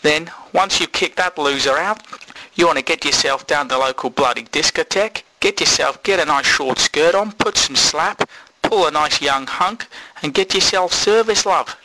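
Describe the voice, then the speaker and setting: A man's voice: on the high side, moderate pace, bright, forceful tone, poor audio. A man voicing a crude, blunt male agony uncle with a put-on Australian accent, swearing constantly as he gives advice in a comedy podcast sketch. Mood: bawdy.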